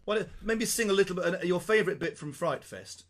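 A man's voice: high voice, lively intonation, a little fast. A man hosting a children's sing-along livestream, leading songs and telling jokes. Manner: leads singing, cheerful joking banter. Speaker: host.

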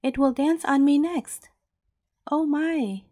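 A woman's voice: sits high, takes it slowly, warm tone, dry recording, studio quality. A woman voicing a frightened young boy pupil in a storybook reading, jittery and exclaiming. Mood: scared.

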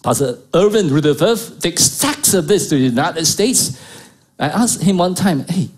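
Middle-aged man, pastor, sermon, fairly high voice, swinging pitch, emphatic repetition. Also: lively intonation, normal speed. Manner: emphatic, repeats key phrases, rhetorical questions to the congregation.

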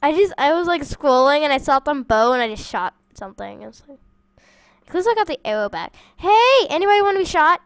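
Excitable woman gamer, very high and bouncy voice, dry close mic. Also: brisk, no echo. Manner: excitable and playful, yelps and shouts during play. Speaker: gamer playing with her siblings. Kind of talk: casual gameplay chat. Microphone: desk microphone.

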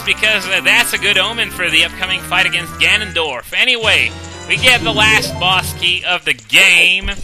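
A man's voice: high-pitched, sharp tone, low-quality recording. A young man giving casual gameplay commentary, chatty and self-deprecating, with frequent "uh"s and "um"s. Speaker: let's play commentator. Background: video game music.

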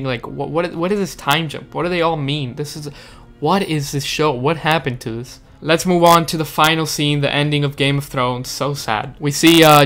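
A man from the United States reviewing a show in a casual, frustrated rant, swearing and sounding dejected. His voice stays flat in pitch but comes across smooth and clear. He keeps circling back with restarts as he vents. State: upset, dejected. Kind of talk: casual video commentary.

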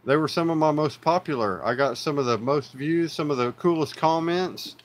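A man's voice: a little high, moderate pace, a little hiss or hum. A man with an Oklahoma accent, hosting a live stream in a loose, rambling way, full of fillers and "y'all" to his viewers. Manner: laid-back, rambling with many fillers, calls viewers y'all. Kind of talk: casual live-stream chat.

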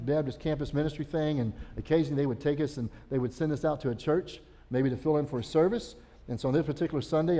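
A man's voice: medium pitch, mellow. A man, a children's pastor, preaching a sermon in a folksy, conversational storytelling way. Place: church sanctuary. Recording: long church reverb.

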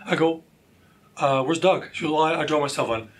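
A man sharing his personal testimony as a talk show guest, animated and acting out the voices of the people in his stories. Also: on the high side, fairly quick. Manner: animated, acts out quoted voices. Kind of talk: storytelling testimony.

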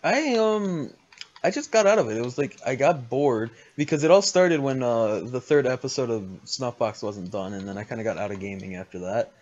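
Playful young man, lively voice, lo-fi chat. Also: medium pitch, moderate pace. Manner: laughs often, playful and joking. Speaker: Let's Play gamer. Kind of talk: casual gaming chat. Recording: lo-fi game chat audio.

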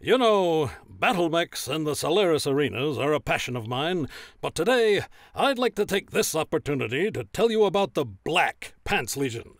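A man playing a gruff, profane, hard-drinking male arena announcer who blusters through a commercial recording in a comedy sketch. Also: fairly high pitch, very animated, moderate pace, no room sound, clean studio sound. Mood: announcing.

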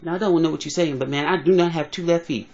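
A man voicing a brash, excitable comic who trash-talks rapidly in an impression. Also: fairly high pitch, creaky, voice pushed up. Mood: bickering. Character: fast-talking, high-voiced comic man, brash and defensive. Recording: dull lo-fi phone recording.

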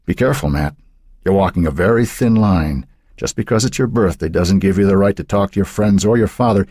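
A man's voice: deep voice, brisk, darkish tone, husky, no room sound, clean studio sound, pitched above the performer's own voice. A man voicing a stern middle-aged stepfather who gives clipped orders. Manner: commanding, clipped.

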